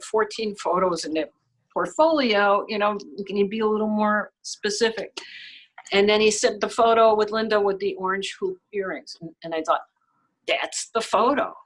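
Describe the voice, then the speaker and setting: A woman's voice: medium pitch, brisk, poor audio. A woman photographer, a guest on an interview show, telling a story casually with frequent laughs and acted-out quotes. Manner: lively storyteller, laughs often, acts out quoted lines; frequent "you know" and "okay" fillers.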